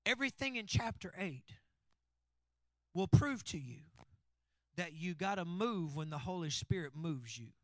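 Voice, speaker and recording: A man's voice: sits high, big pitch swings, measured pace, pauses often, fairly bright tone, no room sound. A male pastor preaching a sermon, calling out to the congregation. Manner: preachy call-and-response with congregation.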